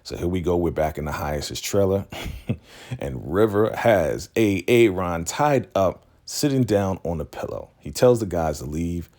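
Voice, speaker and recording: A man hosting a casual episode recap, telling it in an animated way with quick laughs. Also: low-pitched. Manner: animated storytelling, slips in laughs and acted-out quotes. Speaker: YouTube recap host.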